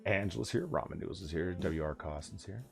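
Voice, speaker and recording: A man's voice: low voice, a little fast, creaky, faint music behind. A man hosting a casual late-night livestream chat, rambling and swearing, laughing often. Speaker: livestream host of a late-night bar hangout.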